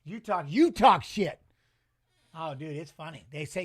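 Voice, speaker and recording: Middle-aged man, high voice, loose animated storyteller, dry studio sound, casual swearing host. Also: unhurried, no room sound. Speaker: watch-along host and former fighter. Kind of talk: casual chat reading live chat.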